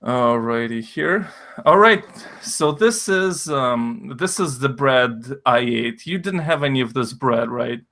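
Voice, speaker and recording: A man's voice: mid-range voice, animated, takes it slowly, fairly bright tone. A man whose first language is Russian, hosting a stream in a rambling, profane, jokey way. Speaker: stream host. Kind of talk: casual stream chat.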